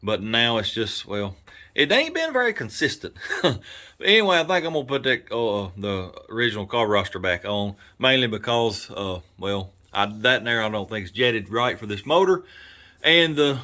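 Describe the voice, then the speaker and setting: A man with a Southern American accent talking casually in a garage workshop, rambling and folksy, thinking out loud with lots of fillers. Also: lowish voice, sing-song, moderate pace. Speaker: garage YouTuber and mechanic. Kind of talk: casual workshop vlog talk.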